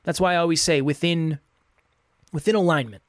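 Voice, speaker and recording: A man with a slightly raised voice talks straight into a close microphone with no room sound at all. He coaches his listeners earnestly, circling back over the same points in a steady motivational monologue. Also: fairly high pitch, a little fast, dry recording. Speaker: podcast host and coach. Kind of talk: solo podcast advice monologue.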